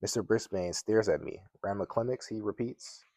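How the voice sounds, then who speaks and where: A man with a very low voice reads a children's chapter book aloud, plain and unhurried, now and then stumbling and restarting a word. The sound is dry and close, with no room echo. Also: a little mellow. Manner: plain reading with occasional slips and restarts. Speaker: mystery guest reader.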